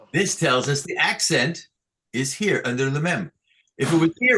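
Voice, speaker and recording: A man teaching Torah chanting on a video call, halting with fillers and restarts, chuckling at his own jokes. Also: medium pitch, lively intonation, bright, forceful tone. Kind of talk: online lesson with sung examples.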